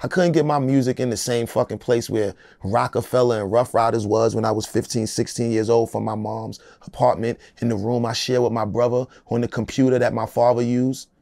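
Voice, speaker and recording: A middle-aged man, a rapper, speaks in an interview with a gravelly, rough edge to his voice. He talks in a loose, emphatic, streetwise way. The sound is dry and close-miked. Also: mid-range voice, steady tone, a little fast, hardly any pauses, a little mellow, dry recording. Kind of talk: casual interview talk.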